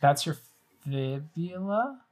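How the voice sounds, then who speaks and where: A woman's voice: low-pitched, animated, takes it slowly, darkish tone. A woman podcast host chatting casually while playing a video game, describing everything on screen as she goes.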